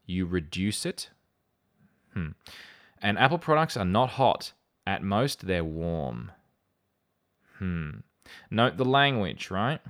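A fairly low-voiced man hosting a chatty podcast. He talks in a wry, animated way and reads out quoted lines with dry sarcasm. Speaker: podcast host. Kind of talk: casual podcast chat.

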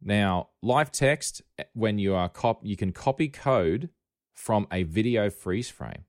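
A man's voice: on the low side, animated, slow pace, dry recording, clean studio sound. A man with an Australian accent hosting a casual tech podcast, rambling and wry, often correcting himself mid-sentence. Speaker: podcast host.

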